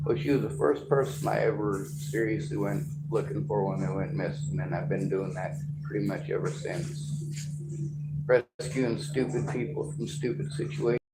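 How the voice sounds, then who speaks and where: A man's voice: lowish voice, fairly even intonation, measured pace. Man, joking, self-mocking, casual chat, background noise. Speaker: vlogger who searches for missing people.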